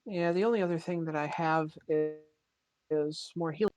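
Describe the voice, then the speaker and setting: A woman playing a tabletop game, explaining her options and the rules in a measured way. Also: low voice, a little mellow. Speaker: player.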